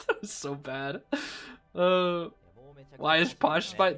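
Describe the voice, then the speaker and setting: Man, live game commentary, excitable and chatty, very lively pitch, bright voice, faint music underneath. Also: slow pace. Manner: excitable, chatty, breaks into laughter. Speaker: streamer commentating a tournament.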